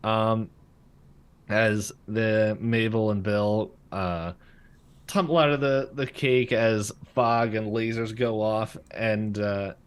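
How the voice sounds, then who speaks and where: A man's voice: fairly low pitch, fairly even intonation, slow, smooth. Man recapping a cartoon episode. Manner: rambling recap, frequent fillers and laughs. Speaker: podcast co-host. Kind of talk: casual episode recap chat. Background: passing freight train.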